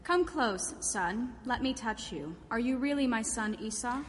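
A woman reading scripture aloud, voicing Isaac, an old blind father, in a solemn, measured way. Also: a little high, lively intonation, a little hiss or hum. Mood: tender. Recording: reverberant church hall.

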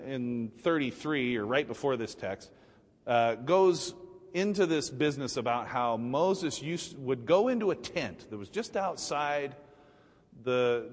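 A male pastor preaching a sermon, retelling a story in a conversational, animated way with frequent restarts. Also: on the high side, in a large hall. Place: church sanctuary.

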